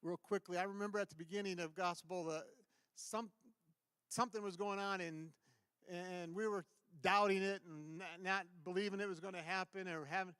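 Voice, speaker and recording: A man sharing an earnest, halting testimony and announcements at a church service. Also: high voice, fairly even intonation, a bit bright, clear, resonant tone, dry recording. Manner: earnest, enthusiastic, halting with restarts. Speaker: church member giving announcements. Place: church sanctuary.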